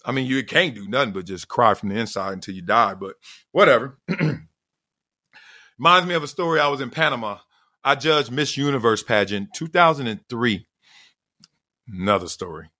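A middle-aged man hosting a casual solo podcast, telling slangy, animated stories and laughing often. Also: mid-range voice, normal speed, pauses often. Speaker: podcast host.

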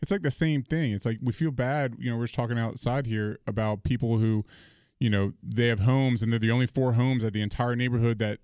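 A man's voice: mid-range voice, fairly even intonation, a little fast, darkish tone, clean tone, dry recording. Man cohost, earnest and reflective, casual, dry mic. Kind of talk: casual chat.

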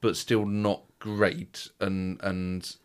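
Very slow and smooth, his low voice stays flat throughout. He co-hosts a podcast where he rambles casually about a baking show, frequently restarting his thoughts.

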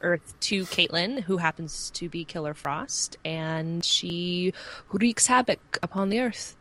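Female panel guest, bright tone, animated conversational delivery. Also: slow. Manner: animated storyteller, jumps high when quoting others. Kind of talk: casual panel chat.

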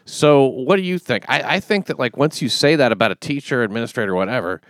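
A man hosting a casual comedy podcast, talking in a dry, deliberate way and reading news items aloud. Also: mid-range voice, expressive, no room sound. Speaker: podcast host.

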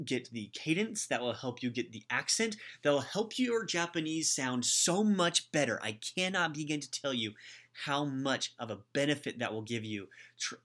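A man's voice: mid-range voice, a bit bright. A man hosting a language-study podcast, giving blunt, opinionated advice in a casual monologue with frequent restarts. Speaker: Japanese language podcast host.

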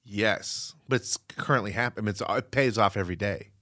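A man's voice: on the low side, fairly quick, bright, forceful tone, no room sound, clean studio sound. A man co-hosting a podcast, riffing in a sarcastic, jokey way in casual conversation. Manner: sarcastic, riffing with absurd jokes. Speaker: podcast co-host. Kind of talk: casual comedic chat.

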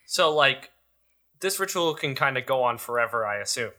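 A man's voice: medium pitch, expressive, normal speed, bright, forceful tone. A man co-hosting a comedy podcast, riffing jokes and playful complaints in a casual chat. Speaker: podcast co-host.

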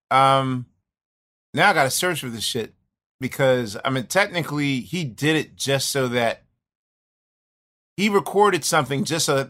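Brief: bright, clear-toned man, rambling reflective storyteller. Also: mid-range voice. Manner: rambling, reflective, many restarts. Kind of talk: casual storytelling chat.

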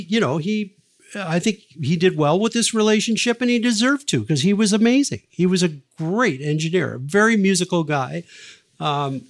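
A man's voice: fairly high pitch, gravelly. An older man, a record producer, telling long anecdotes in an interview, with many fillers and restarts. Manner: lively raconteur, many fillers and restarts, acts out quoted lines. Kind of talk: anecdotal storytelling in a podcast interview.

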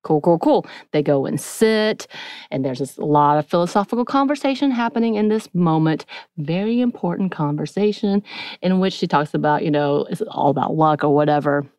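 A woman hosting a podcast, retelling a TV episode in a chatty, animated way and acting out bits of dialogue. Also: low voice, moderate pace, no room sound, clean studio sound. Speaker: podcast host. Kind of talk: casual episode recap.

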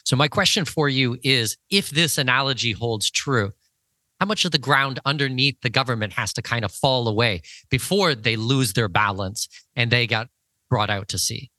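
Bright-voiced man hosting, dry sound. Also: medium pitch, moderate pace, no room sound. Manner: casual, builds questions from personal anecdotes. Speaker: podcast host. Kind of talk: conversational interview.

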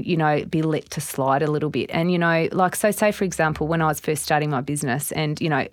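A woman's voice: low-pitched, dry recording, studio quality. A middle-aged Australian woman, a business owner and guest, telling stories in a casual interview and acting out her own thoughts. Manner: animated storytelling with quoted inner voices.

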